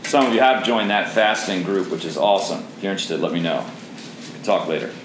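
A middle-aged man leading a men's Bible study in an intense, zealous way, shifting between soft asides and forceful readings. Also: low-pitched, quick pace. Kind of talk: teaching a Bible study to a group of men. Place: roomy room with a seated group. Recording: roomy echo, faint background noise.

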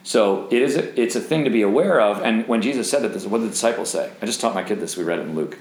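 Speaking quickly in a fairly low voice, a man runs an interactive Bible lesson for young single adults, throwing questions at them and joking around. A roomy echo fills the recording.

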